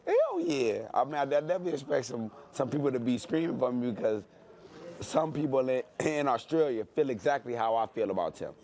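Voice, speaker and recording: A man's voice: mid-range voice, fast, a little mellow. A man, a professional boxer talking brashly in an interview, boasting and repeating his phrases for effect. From Detroit, USA. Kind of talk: animated interview talk.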